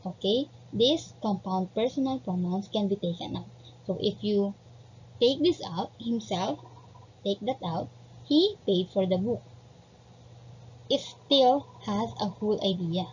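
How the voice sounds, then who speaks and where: A slow-paced woman teacher walks through grammar rules with patience, saying each example sentence twice and checking in with "okay" often. Her voice sounds a little dull and lo-fi, with faint noise underneath. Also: mid-range voice, lively intonation, a little mellow. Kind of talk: grammar lesson. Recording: slightly dull lo-fi recording.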